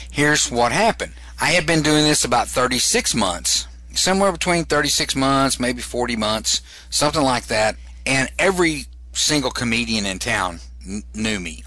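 A stand-up comedian telling a story in an interview, animated and repeating words for comic effect. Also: male voice, medium pitch, moderate pace, no room sound.

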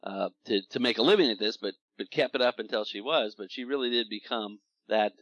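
A man's voice: lowish voice, brisk, a bit bright, no room sound, dull audio. A man hosting a casual conversation, easygoing and agreeable as he picks up the point. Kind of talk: casual chat.

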